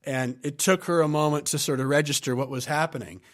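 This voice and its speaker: A man hosting a podcast who tells a story in a relaxed, anecdotal way and chuckles as he goes. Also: on the high side, brisk. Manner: relaxed, anecdotal, laughs while telling. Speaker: podcast host.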